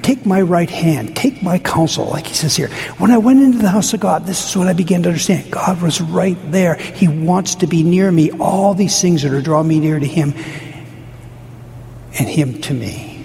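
A man preaching a sermon as pastor, earnest and pleading, moving between urgent raised questions and hushed, quiet prayer. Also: sits high, normal speed, vocal fry. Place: church sanctuary. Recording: long hall reverb, faint room noise.

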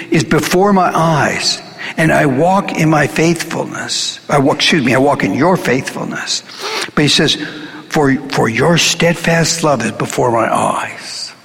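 A man's voice: a little high, vocal fry, fairly bright tone. Earnest preaching man in an echoing hall. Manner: earnest, conversational preaching with frequent restarts and rising emphasis. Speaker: pastor. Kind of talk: sermon.

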